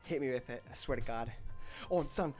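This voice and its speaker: A woman streaming a game late at night, swearing and hyping herself up in hushed, casual commentary. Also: a bass voice, fairly quick, over music. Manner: profane, hyped, muttering to herself. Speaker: gaming streamer. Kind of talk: casual let's-play commentary. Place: home at night, speaking quietly.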